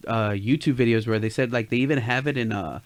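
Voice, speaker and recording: A man chatting casually with a friend, relaxed, saying "dude" and cursing. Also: medium pitch, fast, dry recording. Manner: relaxed, swearing, frequent "yeah, dude". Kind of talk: casual chat.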